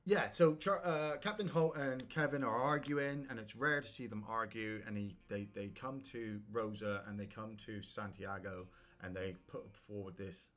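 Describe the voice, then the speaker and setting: A man's voice: lowish voice, normal speed. Rambling male game streamer. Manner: rambling, animated, prone to sudden shouts at the game. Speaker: streamer playing a video game. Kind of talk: casual chat while gaming.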